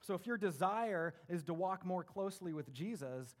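Conversational preacher man, lively delivery. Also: high voice, normal speed. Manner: conversational, often asks "right?", acts out voices. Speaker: pastor. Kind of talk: sermon.

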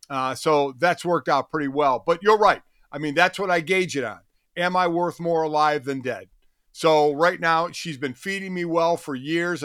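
A man's voice: on the high side, a bit bright, no echo, clean studio sound. A middle-aged man co-hosting a sports talk show, easygoing and self-mocking. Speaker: co-host.

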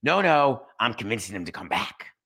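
A man's voice: mid-range voice, lively intonation, moderate pace, bright, forceful tone. A man imitating a league commissioner with a soothing, eager-to-please delivery in a comic podcast bit. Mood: mock reassuring. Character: impression of a smooth, placating league commissioner, adult man.

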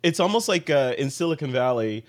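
A man's voice: mid-range voice, expressive, a little fast. A man hosting a podcast in casual panel chat, talking animatedly and playfully, slipping into other people's voices to make a point. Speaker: podcast host.

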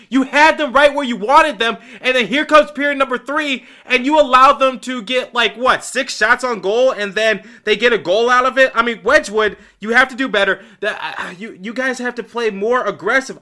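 This hockey podcaster, going it alone, directs an exasperated rant straight at the team. The man's voice is very high, with a sharp edge to it.

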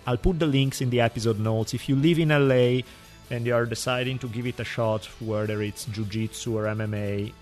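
A man hosting a podcast with a European accent, talking in a loose, rambling, jokey way. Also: lowish voice. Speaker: podcast host. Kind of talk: podcast interview.

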